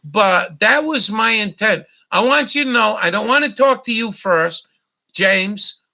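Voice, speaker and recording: Hosting a casual livestream, a middle-aged man rants bluntly and repetitively, with heavy profanity. He's unhurried, and his high-pitched voice has lively intonation and sounds creaky, pushed and bright.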